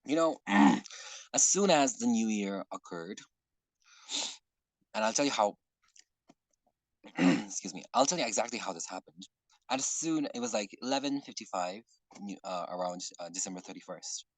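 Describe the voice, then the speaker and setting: A man leading an online workshop in casual talk, earnest and rambling, often clearing his throat. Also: fairly low pitch, animated, normal speed, pauses often, no room sound, low-quality recording. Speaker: workshop facilitator. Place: online video call.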